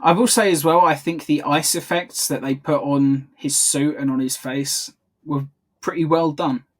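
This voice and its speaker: A man's voice: on the high side, fairly even intonation, moderate pace. A man co-hosting a podcast, talking casually over a video call and often stopping to correct himself. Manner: chatty, self-correcting, laughs often. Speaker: podcast co-host. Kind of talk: casual commentary chat.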